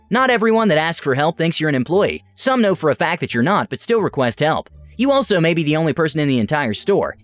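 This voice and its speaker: An animated man narrates reader stories with dramatic asides. His pitch is a little high and moves around freely. The read is close and dry, with faint music playing underneath. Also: no echo. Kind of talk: scripted narration. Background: faint background music.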